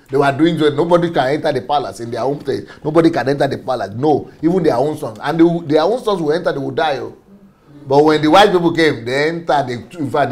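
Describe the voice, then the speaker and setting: Husky man, passionate talk on faith, emphatic repeats, frequent chuckles. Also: mid-range voice, darkish tone. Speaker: speaker on faith and systems. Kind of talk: passionate preaching-style talk.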